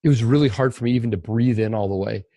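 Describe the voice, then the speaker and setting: A man's voice: lowish voice, fast talker, mellow, dry recording. A man on a podcast talking as a guest, earnest and reflective, often restarting his sentences as he tells a candid personal story.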